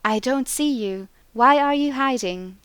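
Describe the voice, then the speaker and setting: A woman's voice: high-pitched, a little slow, a bit bright, smooth, no echo, voice pushed up. A woman voicing a lost, courteous male clerk who speaks earnestly.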